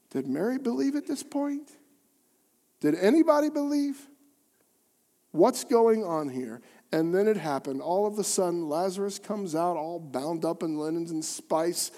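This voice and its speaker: A man preaching a sermon as pastor, telling a story dramatically with rhetorical questions and swings between quiet and loud. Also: high voice.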